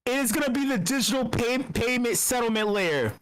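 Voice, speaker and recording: Ranting meetup speaker, profane, exasperated, emphatic, keeps restarting sentences, mid pitch. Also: animated, fairly quick, fairly bright tone, rough recording. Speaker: meetup participant. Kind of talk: heated rant in an online group call.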